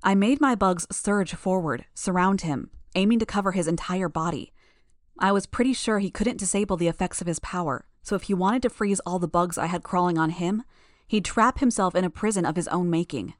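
A woman reading a first-person story aloud in a steady, measured narration. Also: on the low side, dry recording, studio quality. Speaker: audiobook narrator.

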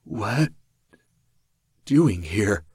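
A man's voice: lowish voice, animated, drawn-out words, a little mellow, husky, no echo, studio quality, pitched above the performer's own voice, heavily acted. A man voicing a badly wounded male superhero who forces out short, broken phrases through grunts and strain. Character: grievously wounded male superhero, gasping and defiant.

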